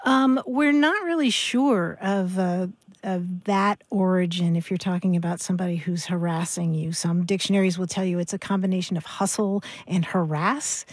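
A woman's voice: fairly low pitch, moderate pace, no room sound. An older woman co-hosts a language radio show. She is folksy and playful as she explains the roots of words. Her voice is close and dry, with no room sound. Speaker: co-host. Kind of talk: radio talk show chat.

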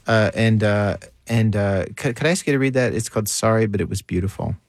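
A man's voice: on the low side, brisk, no echo. A man hosting a radio show, chatting with a guest and introducing segments. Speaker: radio host. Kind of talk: scripted radio presenting and chat.

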